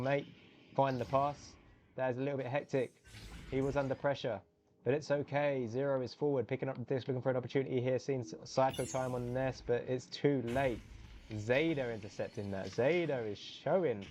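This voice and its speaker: A young man casting a live video game match on his own, chatty and self-correcting, then jumping to loud, high exclamations on big plays. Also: muffled recording, slight background noise. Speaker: esports caster. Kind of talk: solo live game commentary.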